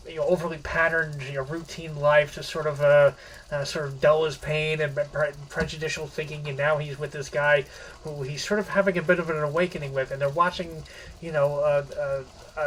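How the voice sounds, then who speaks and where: Halting man retelling a story. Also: a little high, distant mic, a little hiss or hum, poor audio. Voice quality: halting, rambling, restarts mid-phrase. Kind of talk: casual spoken summary of a short story.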